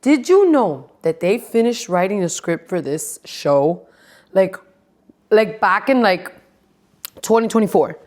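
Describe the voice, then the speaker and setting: A woman hosts a casual podcast in a loose, gossipy chat. She swears freely and breaks into laughter, her pitch sitting in a middle range. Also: big pitch swings, a little slow, a little mellow. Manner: profane, gossipy, laughs often. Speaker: podcast host.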